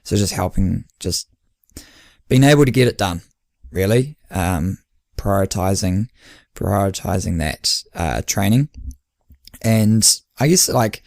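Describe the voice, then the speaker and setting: A man's voice: low-pitched, lively intonation, takes it slowly, gravelly, pauses often, a little mellow, no echo, studio quality. A man, hosting a casual podcast and telling stories as a running coach, acting out quoted dialogue. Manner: chatty storyteller who acts out quoted dialogue with laughs.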